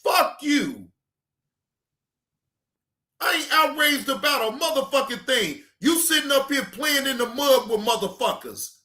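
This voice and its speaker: A male reaction channel host giving heated, profane ranting commentary, often shouting. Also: very high voice, lively intonation, measured pace, long pauses, echoey room.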